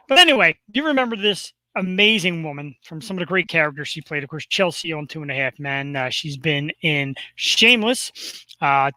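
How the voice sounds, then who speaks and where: A high, very bright-voiced man with a Philadelphia accent hosts a casual live webcast. He talks in an upbeat, rambling way and pokes fun at himself. The sound is dry and close to the mic. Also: no room sound, rough recording. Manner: upbeat, rambling, self-deprecating. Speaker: podcast host.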